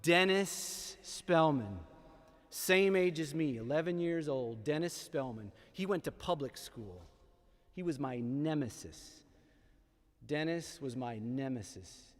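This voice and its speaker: A man telling a personal story live on stage, with dramatic pauses and repeated lines for emphasis. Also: a little high, expressive. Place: historic theatre stage. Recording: long theatre hall reverb.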